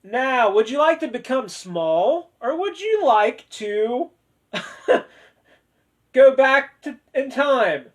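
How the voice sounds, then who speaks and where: High-voiced chatty man hosting. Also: lively intonation, takes it slowly. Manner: chatty and joking, with playful sarcasm. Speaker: host of a discussion video. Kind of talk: casual chat.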